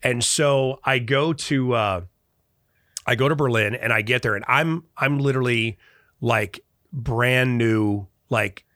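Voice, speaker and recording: Brief: middle-aged man from Chicago, bright voice, dry close sound, lively storyteller. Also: mid-range voice, slow pace, no room sound. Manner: animated, acts out quoted dialogue. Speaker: guest. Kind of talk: casual storytelling in conversation.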